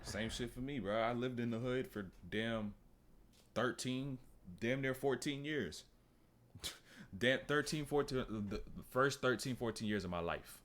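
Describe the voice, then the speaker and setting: A man's voice: mid-range voice, a little slow, fairly bright tone. A man giving casual reaction commentary, laid-back and slangy, often repeating his points. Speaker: reaction streamer.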